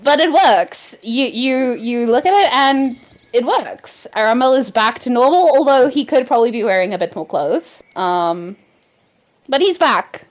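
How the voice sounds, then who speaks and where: Unhurried woman game master. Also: fairly high pitch, expressive. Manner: gentle, unhurried narration with fillers. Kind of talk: narrating a tabletop game.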